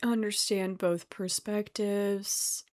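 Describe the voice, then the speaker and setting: A woman's voice: mid-range voice, flat delivery, takes it slowly, darkish tone. A young woman giving a live reaction commentary, emotional and pleading, often gasping or dropping to a whisper, close to tears. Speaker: anime reaction youtuber.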